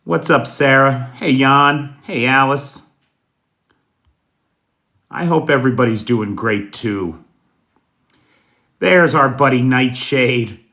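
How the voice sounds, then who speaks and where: An American man hosting a casual livestream news show, greeting viewers by name in a folksy, unhurried way. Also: mid-range voice, sharp tone. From United States. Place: indoors at night.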